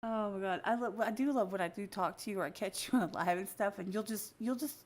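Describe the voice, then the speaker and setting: An American woman in her younger years chats loosely on her podcast, breaking into laughter between sentences. Her talk is blunt and full of swearing, told with lively storytelling energy. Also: medium pitch, a little fast. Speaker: podcast host. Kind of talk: casual chat.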